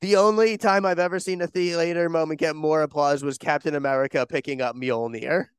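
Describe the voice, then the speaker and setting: A man co-hosting a podcast in casual chat, excitable and swearing freely, with lots of fillers. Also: fairly high pitch, brisk, clear, resonant tone, no room sound. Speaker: podcast co-host.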